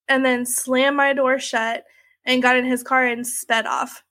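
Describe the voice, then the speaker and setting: A young woman with a high, sharp voice and little pitch movement tells of a personal ordeal at a measured pace. Her interview account is emotional and conversational, packed with "like" and "you know."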